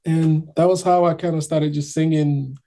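A man's voice: a little high, level tone, normal speed, dark tone. A man from Nigeria telling his own story in casual chat, acting out other people's voices as he goes.

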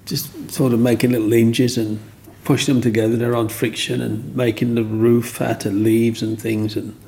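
A man, telling rambling, animated stories from his childhood in an interview and acting out other people's voices. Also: mid-range voice, moderate pace, vocal fry. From Black Country, England. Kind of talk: storytelling interview.

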